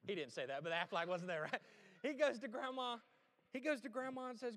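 A man preaching a sermon in a folksy, conversational way, swinging between loud and hushed delivery. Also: very high-pitched, fairly quick. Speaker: pastor. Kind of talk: sermon with storytelling. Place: church sanctuary. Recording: long church hall reverb.

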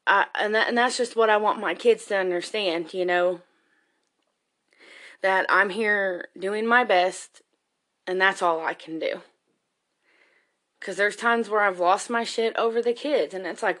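A woman's voice: mid-range voice, a little slow, a bit bright. A woman, a single mother, talking candidly and emotionally in a rambling personal monologue, swearing freely.

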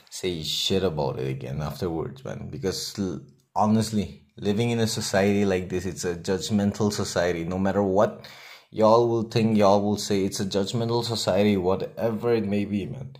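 A young man with a Nagaland accent, a native Nagamese speaker, hosting a solo podcast in a blunt, profane, defiant way with long pauses. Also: sits low, dark tone. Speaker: podcast host.

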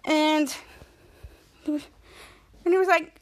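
A woman's voice: very high voice, steady tone, slow pace, pauses often, fairly bright tone. A woman podcast host rambling through a casual recap of a TV episode, restarting often.

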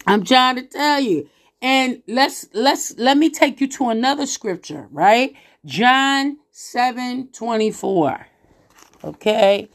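Female podcast preacher, somewhat high voice, scolding and emphatic delivery. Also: animated. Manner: emphatic, scolding, with drawn-out exclamations and laughs. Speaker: Christian podcast host. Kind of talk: preaching monologue.

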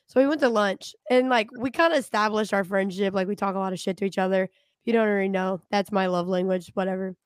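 A woman's voice: medium pitch, steady tone, a little fast, clean tone, no echo, clean studio sound. A woman in her twenties co-hosting a podcast, chatting casually in a blunt, profane way and laughing often, while getting over a cold. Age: 20s. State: recovering from a cold. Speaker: podcast co-host. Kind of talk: casual chat.

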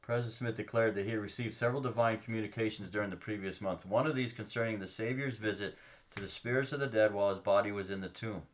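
Man, podcast co-host, low voice, reads scripture, earnest explaining, hesitant ums. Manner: explains earnestly, pauses with ums to find passages. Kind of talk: casual religious discussion, reading scripture aloud.

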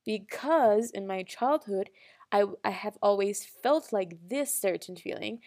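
A woman's voice: medium pitch, unhurried, a little mellow. Earnest rambling young woman. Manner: earnest, rambling, with restarts and small laughs. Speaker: vlogger. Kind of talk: casual personal monologue.

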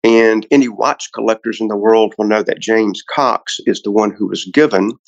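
A man's voice: lowish voice, steady tone, normal speed, gravelly, no echo, lo-fi sound. A man, a car collector guest on a podcast, telling a long story in a casual, rambling way with many restarts.

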